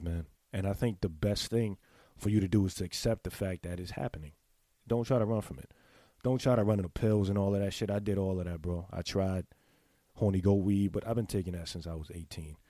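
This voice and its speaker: A man in a casual, candid monologue, talking straight to his viewers in blunt, profane slang and clearing his throat now and then. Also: sits low, a little fast, mellow, no echo, clean studio sound. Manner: confessional, speaks to the audience directly. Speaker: vlogger giving sex advice.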